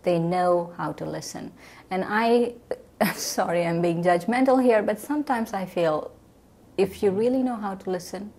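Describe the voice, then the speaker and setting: A woman in a gentle, thoughtful conversation about listening and meditation. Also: medium pitch, measured pace. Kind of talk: reflective conversation.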